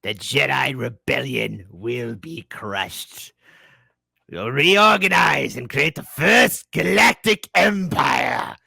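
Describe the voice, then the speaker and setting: A man's voice: medium pitch, animated, vocal fry, sharp tone, husky, exaggerated voice. Man doing a sinister old galactic emperor. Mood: menacing. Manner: slow, menacing, theatrical.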